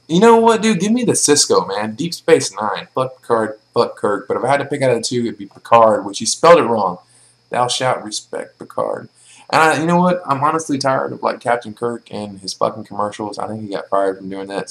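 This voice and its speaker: A man's voice: on the low side, a bit bright, low-quality recording. Blunt, swearing young man vlogging. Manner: blunt, swears freely, lots of filler. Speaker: vlogger answering viewer questions. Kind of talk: casual Q&A vlog.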